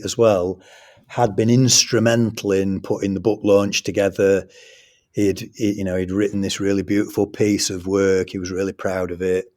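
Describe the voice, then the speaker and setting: Earnest man, lowish voice. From England. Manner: earnest, animated anecdote telling with quoted dialogue. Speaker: guest, school trust academic leader. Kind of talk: storytelling in a podcast interview.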